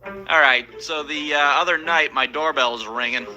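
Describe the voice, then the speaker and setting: Bright-voiced man ranting stand-up. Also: fairly high pitch, normal speed, soft background music, poor audio. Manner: rants loudly, acts out people in raised voices. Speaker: stand-up comedian. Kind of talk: profane comic storytelling.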